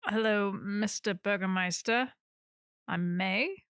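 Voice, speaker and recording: A woman playing a tabletop game, speaking politely and softly in character. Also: mid-range voice, slow, smooth, dry recording, clean studio sound. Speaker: player. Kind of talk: casual tabletop play.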